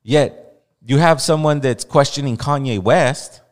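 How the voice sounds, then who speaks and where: Speaking unhurriedly at medium pitch, this Los Angeles man hosts a podcast full of casual, blunt, heated opinions, repeating things for emphasis. His voice has a big-room sound.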